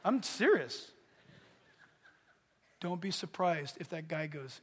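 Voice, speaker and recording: A man preaching a sermon as pastor, animated and swinging from hushed asides to shouts. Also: high-pitched, moderate pace, long pauses, in a large hall. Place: church.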